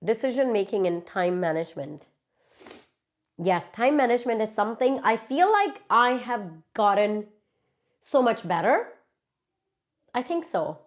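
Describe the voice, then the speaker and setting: A woman with an Indian English accent chats through a casual live Q&A, answering viewers one by one. She speaks unhurriedly, but her fairly high voice rises and falls a lot, and she leans hard on repeated words to make her point. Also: unhurried, long pauses. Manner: animated, emphatic, repeats words for stress. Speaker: livestream host answering viewer questions.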